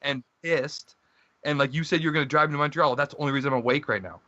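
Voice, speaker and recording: A man co-hosting a podcast, telling stories in a relaxed, profane, laughing way. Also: fairly high pitch, fast talker, no echo, muffled recording. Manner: laid-back, profane storyteller, laughs often. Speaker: podcast co-host. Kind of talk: casual chat.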